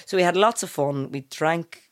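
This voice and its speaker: A woman, co-hosting a podcast and telling an animated story, acting out the quotes. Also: moderate pace, no echo, clean studio sound. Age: late 30s. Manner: animated, acts out quotes with big pitch jumps. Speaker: podcast co-host. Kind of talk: casual chat, storytelling.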